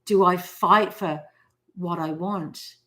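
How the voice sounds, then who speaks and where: A woman's voice: on the low side, steady tone, takes it slowly, fairly bright tone. An Australian woman in her forties hosting a live stream, talking casually and telling stories with acted-out quotes. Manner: chatty storyteller who acts out quotes.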